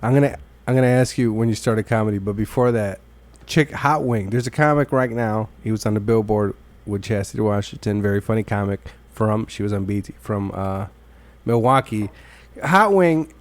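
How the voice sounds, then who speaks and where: A podcast host with a lowish voice talks at a moderate pace with few pauses. In casual chat he rambles, swears freely, and acts out the people in his stories.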